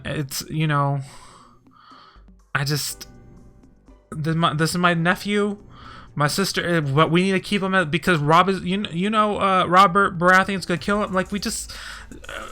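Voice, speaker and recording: A man streaming casually, rambling and swearing, and getting heated and animated as he talks. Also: high-pitched, normal speed, long pauses. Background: faint music.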